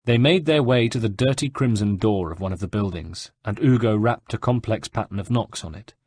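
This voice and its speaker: A man reading an audiobook in a measured, even storytelling manner. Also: fairly low pitch, slightly rough, dry recording. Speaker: audiobook narrator. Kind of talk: scripted narration.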